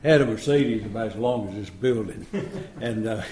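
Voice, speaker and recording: A lowish, darkish voice at a moderate pace belongs to a man in his seventies telling a meeting room about his recovery. Folksy and chuckling, he voices the dialogue himself, recorded live in a roomy space.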